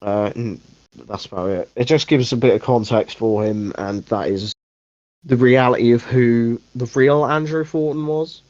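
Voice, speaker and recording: A man's voice: medium pitch, normal speed, darkish tone, dry recording. A young man chats through a film review in a loose, rambling way, often stopping to correct himself and dropping the odd swear word. His voice sits mid-range, and the recording is dull and lo-fi, with a very dry, close sound. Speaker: podcast host. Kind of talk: casual movie review chat.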